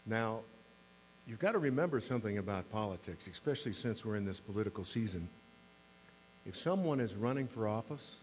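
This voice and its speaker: A man's voice: lowish voice, darkish tone. A man in his sixties giving a mayor's talk to a club, telling wry, self-deprecating stories. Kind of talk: humorous anecdotal speech. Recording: reverberant hall with faint mains hum.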